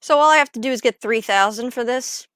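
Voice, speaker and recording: A woman's voice: a little high, quick pace, a bit bright, clear, resonant tone, no echo. Chatty woman streaming, dry close sound. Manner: chatty, rambling, many "like" fillers. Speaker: livestreamer. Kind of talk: casual livestream chat while gaming.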